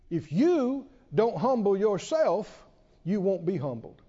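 A man preaching a sermon, emphatic, asking many rhetorical questions and pausing for effect. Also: high-pitched, very animated, mellow. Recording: dull reverberant hall sound.

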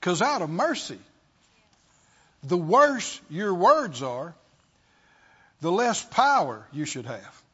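High, lively, husky male preacher. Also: slow, pauses often. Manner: emphatic, rhetorical questions to the congregation. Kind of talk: sermon. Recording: dull lo-fi sermon recording.

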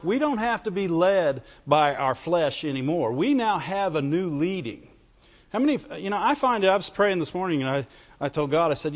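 A man's voice: a little high, sing-song, normal speed. A man preaching a folksy sermon in church, calling out to the congregation for amens as he goes. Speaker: pastor. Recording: dull lo-fi recording with long reverb.

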